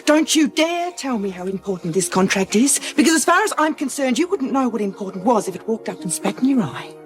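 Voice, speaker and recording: An actress playing a furious soap wife. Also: female voice, a little high, expressive, brisk, lightly acted. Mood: angry. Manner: sharp and accusing. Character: angry, fed-up young wife. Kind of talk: 1980s TV soap drama. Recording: soap clip with music behind.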